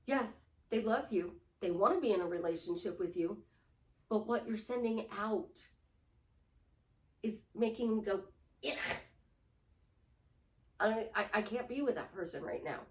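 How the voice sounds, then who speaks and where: A woman's voice: mid-range voice, measured pace, long pauses, reverberant, distant mic. A woman life coach giving a motivational talk, emphatic and repetitive, sometimes sinking to a whisper to show a point.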